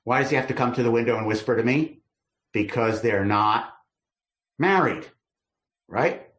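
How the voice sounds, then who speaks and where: A man's voice: medium pitch, moderate pace. A man, a rabbi, teaching a text study class, reading verses aloud and then musing over what they mean. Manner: reads verses aloud then explains them, lively and musing. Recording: roomy echo.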